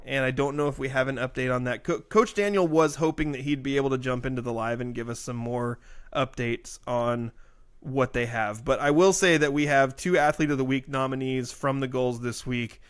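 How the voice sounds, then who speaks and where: A man's voice: mid-range voice, moderate pace, clear, resonant tone. A man co-hosting a casual local sports podcast, reading youth soccer results with jokes along the way. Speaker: podcast co-host.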